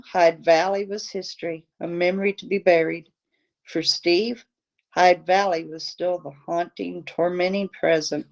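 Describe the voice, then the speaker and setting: Slow, low-voiced woman reading a novel. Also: a little mellow. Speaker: audiobook reader, channel host.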